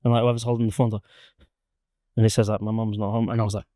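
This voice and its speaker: A man's voice: fairly low pitch, flat delivery, fast, warm tone, dry recording, studio quality. A man co-hosting a podcast in casual chat, rambling through stories, swearing freely and laughing often. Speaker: podcast co-host.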